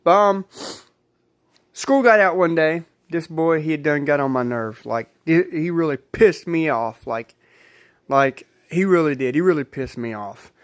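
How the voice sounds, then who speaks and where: A man's voice: a little high, expressive, measured pace. A man casually telling a personal story, rambling, repeating himself and swearing freely.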